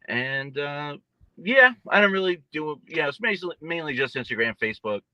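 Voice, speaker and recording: A young man being interviewed as a boxer, trash-talking with boastful, mocking swings in pitch. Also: expressive, normal speed, pushed and bright, dull audio, slight background noise. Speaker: guest boxer. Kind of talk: casual trash talk interview.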